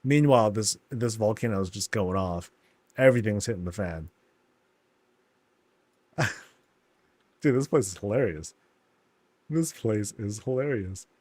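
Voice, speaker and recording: A man giving laid-back, amused commentary while touring houses in a video game, often laughing and putting on quick silly voices. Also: on the low side, animated, darkish tone, no room sound. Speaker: streamer touring player housing in a game.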